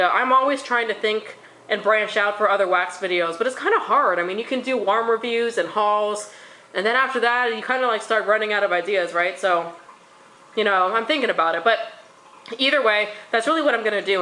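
A woman's voice: mid-range voice, pushed and bright, poor audio. A woman chatting casually to camera at home, rambling in a friendly way with apologetic asides as she reviews wax melts. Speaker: wax haul vlogger.

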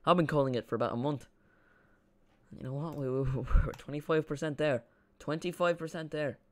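A young man streaming a football watch-along, rambling and excitable as he chats with his viewers. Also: a little high, fairly quick.

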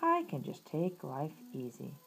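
Lady reading a whiny lazy toad guy from a kids book, slow and lively. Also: deep voice, gravelly, breathy edge, heavily acted, low-quality recording. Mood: earnest. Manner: whiny, putting things off. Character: lazy grumbling male toad, storybook.

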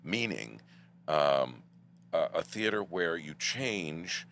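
A man guest on a podcast, telling theater stories in a measured, theatrical way. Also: low voice, big pitch swings, gravelly, fairly bright tone, slight background noise. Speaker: guest actor. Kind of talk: casual storytelling.

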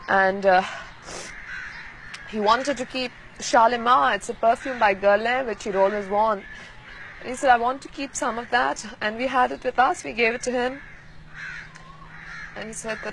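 A young woman in her twenties, recalling painful events in a quiet, measured way during a recorded news interview. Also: on the high side, vocal fry, a little hiss or hum, low-quality recording. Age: 20s. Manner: quiet, measured, grieving recollection.

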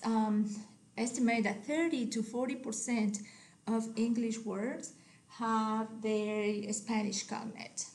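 A woman teaching a recorded Spanish lesson, patient and steady, often checking in with "okay?" and repeating word pairs slowly for her students. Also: fairly high pitch. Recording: echoey room, faint background hiss.

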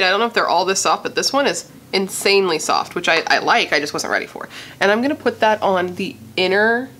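A young woman from Missouri chatting casually and gushing as she does a makeup tutorial, thinking out loud. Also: medium pitch. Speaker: beauty vlogger.

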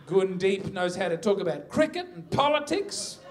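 High-voiced Australian comedian, sardonic. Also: male voice, very animated, normal speed. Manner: punchy, sardonic storytelling. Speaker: stand-up comedian. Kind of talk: stand-up comedy set. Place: live comedy venue. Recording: noisy live recording.

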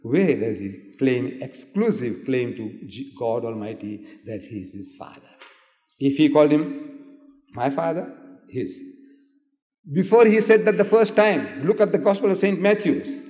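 A man's voice: on the high side, lively intonation, measured pace, dark tone. A man giving a public debate lecture, emphatic and rhetorical, firing questions at the audience and getting them to repeat after him. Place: large lecture hall. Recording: old echoey hall recording, dull sound.

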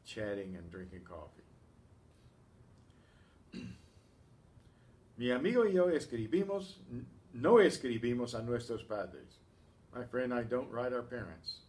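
A man teaching a class, speaking slowly and patiently and clearing his throat often. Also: fairly low pitch, slight background noise. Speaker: Spanish teacher. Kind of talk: class lesson.

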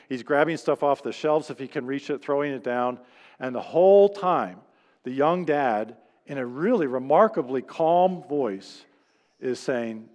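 A man's voice: medium pitch, in a large hall. A man preaching a sermon as pastor, telling stories in a conversational way and acting out the people he quotes. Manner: conversational storytelling preacher, acts out quoted voices. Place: church sanctuary.

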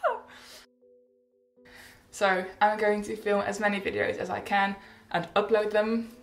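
A woman's voice: mid-range voice, little pitch movement, moderate pace, echoey room. A teenage girl chatting casually in a rambling, bubbly update vlog, often laughing and correcting herself. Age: teens. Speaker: vlogger.

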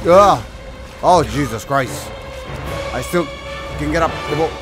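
A man's voice: a little high, expressive, unhurried, over music. A man giving jokey gameplay commentary in a put-on theatrical pirate accent, rambling and self-mocking. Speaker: gamer playing a pirate game.

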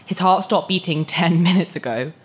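A woman's voice: fairly low pitch, moderate pace, husky. A woman reading aloud, voicing a blunt, skeptical young man.

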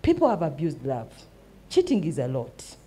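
A woman's voice: deep voice, wildly swooping pitch, normal speed, mellow, breathy edge. A middle-aged woman with a Ugandan accent hosts a talk show, speaking emphatically and often asking "eh?" as she switches between English and Luganda. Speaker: host and mentor. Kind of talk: animated talk show monologue.

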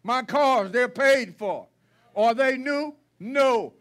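A man preaching a sermon to his congregation in a church, folksy and blunt, driving points home with repetition and rising to shouts. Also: very high voice, slow pace. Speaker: pastor. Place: church sanctuary.

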